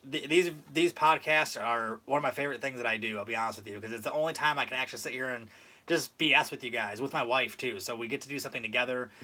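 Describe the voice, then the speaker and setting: A man's voice: mid-range voice, bright, forceful tone. A young man from Michigan hosting a casual podcast, rambling through a story and saying "like" a lot. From Michigan, USA. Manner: rambling storyteller, says "like" often. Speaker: podcast host. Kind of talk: casual chat.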